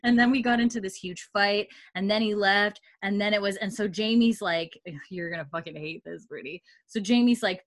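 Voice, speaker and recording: A woman's voice: medium pitch, moderate pace, hardly any pauses. A woman casually recapping a TV episode, acting out the characters' lines with swearing and laughter.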